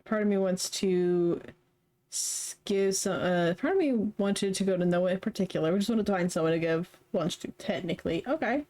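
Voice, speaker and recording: A young woman streamer reading a story game aloud, chatty and quick to laugh between lines. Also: fairly low pitch, darkish tone. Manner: chatty, laughs often, reads narration then comments. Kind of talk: reading a visual novel aloud with commentary.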